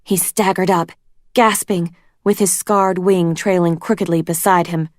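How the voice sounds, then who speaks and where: Steady slow woman reading a storybook aloud, low and even. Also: no echo, studio quality. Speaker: reader. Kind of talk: storybook read-aloud narration.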